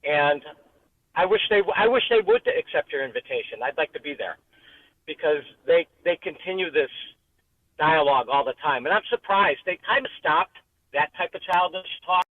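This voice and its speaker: A man's voice: on the high side, very animated, moderate pace. Man, radio caller, agitated, complaining, tinny phone line. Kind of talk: call-in comment.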